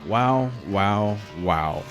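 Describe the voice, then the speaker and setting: A man commentating a sim racing broadcast, excitable and out of breath, with stammering restarts. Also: fairly low pitch, extremely slow, over music. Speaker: race commentator.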